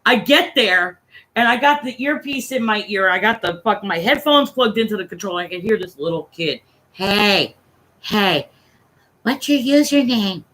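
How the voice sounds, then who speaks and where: A woman in her forties chatting casually on a stream, telling profane, animated stories and acting out the people she quotes. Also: medium pitch, brisk, poor audio. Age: 40s. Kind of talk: casual storytelling chat.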